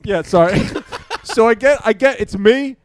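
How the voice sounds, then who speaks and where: A young man co-hosting a casual podcast, telling a story loudly with laughter and swearing. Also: sits high, animated, unhurried, no echo, studio quality. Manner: boisterous, laughing, loud storyteller who swears freely. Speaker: podcast co-host.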